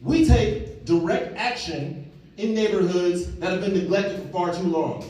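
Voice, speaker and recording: A man, giving an animated motivational talk on stage and acting out the people in his stories. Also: high-pitched, measured pace. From Chicago, USA. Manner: animated storytelling, acting out quotes. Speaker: community organizer and speaker. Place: large hall on stage. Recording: echoey hall, from far off, faint noise.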